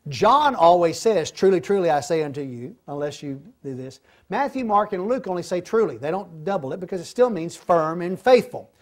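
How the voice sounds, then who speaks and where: A man's voice: high voice, sing-song, moderate pace, few pauses. A man, older, teaching a Bible study lesson and acting out the quoted lines with animation.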